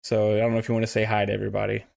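A man's voice: on the low side, completely flat delivery, rapid-fire, vocal fry, darkish tone. Playful male podcast host. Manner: playful, joking, many fillers. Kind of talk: casual podcast chat. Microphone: online call setup.

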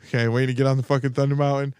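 A man co-hosting a casual chat, telling stories in a profane, animated way. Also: medium pitch, racing, clear, resonant tone, dry recording, studio quality.

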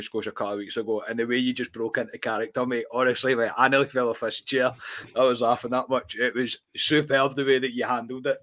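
A man's voice: medium pitch, fairly bright tone. A Scottish man hosting a live podcast, chatty and teasing his co-hosts between bursts of laughter. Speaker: podcast host. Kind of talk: casual chat.

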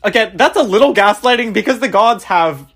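A woman co-hosting a casual book discussion podcast, animated and frank, laughing often. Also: on the high side, a little fast, husky. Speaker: podcast co-host.

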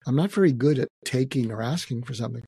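An older man, a guest psychiatrist, speaks in a halting, reflective way during an emotional personal interview, often restarting his sentences. His voice is husky, mellow, and low, captured in a dry, close recording with no echo.

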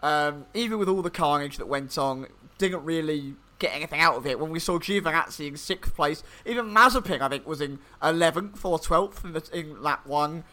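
A man's voice: a little high, a little fast, few pauses, bright, forceful tone. A man co-hosting a casual sports podcast, talking in a joking, self-mocking way with filler ums. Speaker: podcast co-host.

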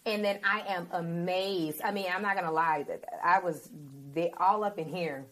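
A woman with a slightly low voice hosts a Christian talk conversation. She tells stories expressively and acts out the dialogue. Her delivery is animated and personal. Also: moderate pace. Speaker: host.

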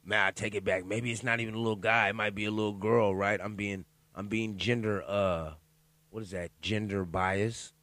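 A man talking alone in a loud, profane, joking commentary, riffing on a news story and reading parts of it aloud haltingly. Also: on the low side, no room sound. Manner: loud, profane, animated riffing with laughs and asides. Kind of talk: casual profane commentary monologue.

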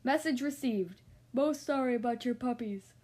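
A woman voicing a big, helpful male great dane who speaks slowly and solemnly. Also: fairly high pitch, darkish tone, natural voice. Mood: earnest. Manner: slow, solemn, howling.

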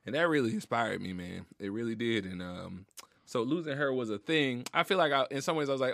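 A man's voice: medium pitch, vocal fry, fairly bright tone, dry recording. Earnest, emotional man in a studio. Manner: emotional, earnest, drawn-out storytelling with slang. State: close to tears. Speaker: podcast guest. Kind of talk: heartfelt casual conversation. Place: recording studio.

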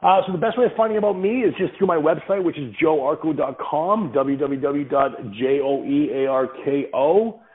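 A man's voice: fairly high pitch, normal speed, hardly any pauses. A man being interviewed as a guest on a parenting podcast, speaking in an earnest, reflective way and explaining his views with everyday examples. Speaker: podcast guest, father of several kids. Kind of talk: casual interview answers. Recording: tinny phone-like line.

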